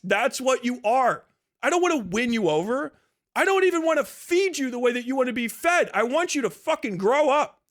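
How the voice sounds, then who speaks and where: A man's voice: high-pitched, fairly bright tone. A man hosting a livestream, delivering a profane and mocking rant, full of swearing and scornful laughter. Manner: mocking, aggressive, swearing constantly. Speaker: livestream host.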